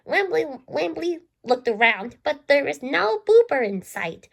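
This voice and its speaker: Halting woman reading a children's storybook. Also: high voice, very animated, creaky. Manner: halting, restarts and repeats words often. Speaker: storybook reader. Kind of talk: reading a children's book aloud.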